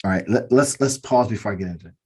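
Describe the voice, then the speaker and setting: Earnest husky man preaching business lessons. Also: on the low side, quick pace. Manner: earnest, preachy, repeats key phrases. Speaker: podcast co-host. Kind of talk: motivational business talk.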